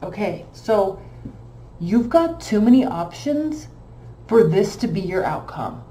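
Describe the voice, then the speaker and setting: A woman's voice: medium pitch, very animated, slow, dark tone, reverberant, a little hiss or hum, rough recording. Blunt, emphatic woman reading tarot. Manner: blunt, emphatic, repeats phrases for stress. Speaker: tarot reader.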